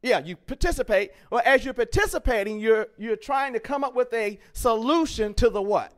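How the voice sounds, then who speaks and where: A man's voice: extremely high pitch, lively intonation, normal speed. A man teaching a leadership lesson to teens at a camp, asking the group questions, spelling words out and repeating key points with emphasis. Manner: call-and-response questioning, emphatic and repetitive; encouraging, jokes with students. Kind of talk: interactive classroom teaching.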